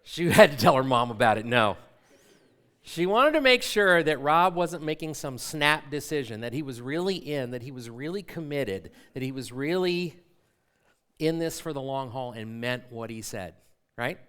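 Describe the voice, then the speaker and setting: A middle-aged man preaching a sermon, telling a personal story in an animated, self-mocking way. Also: a little high, normal speed, clear, resonant tone. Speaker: pastor.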